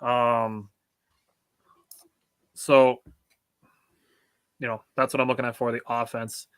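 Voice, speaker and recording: A man co-hosting a casual sports podcast, riffing on games and reading viewer comments aloud. His voice is bright and forward, recorded close and dry with no room sound. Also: mid-range voice, level tone, slow pace, clean tone, no room sound. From United States. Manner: laughs often, reads chat comments aloud. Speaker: podcast co-host. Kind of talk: casual sports talk chat.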